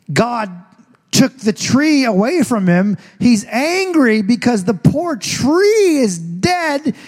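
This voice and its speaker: Husky high-voiced preacher, joking. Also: male voice, darkish tone. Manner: casual, joking storyteller preaching. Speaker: pastor. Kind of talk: sermon. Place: church stage.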